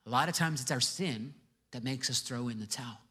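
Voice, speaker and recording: A man's voice: medium pitch, fairly quick, pushed and bright, husky. A male pastor giving a sermon to a congregation, conversational with joking asides. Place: church before a congregation.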